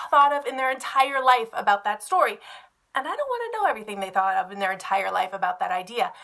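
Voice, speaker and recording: Chatty, bright-voiced woman teacher. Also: high voice. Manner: chatty, a little nervous; animated, acts out students' excited voices. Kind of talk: live-stream lesson talk. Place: classroom. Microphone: phone camera.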